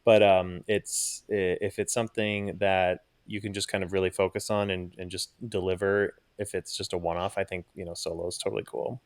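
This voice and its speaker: A man guest on a podcast, upbeat and agreeable, talking in quick bursts. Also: sits low, flat delivery, no room sound. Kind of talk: casual chat.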